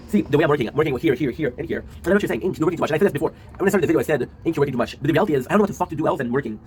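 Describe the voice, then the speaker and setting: Fast-talking weary young man venting. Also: a little high, expressive, darkish tone, slight background noise, low-quality recording. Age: 20s. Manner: rambling, often adds a tag question and swears. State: low and worn out. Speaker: streamer and video creator. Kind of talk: casual confessional monologue.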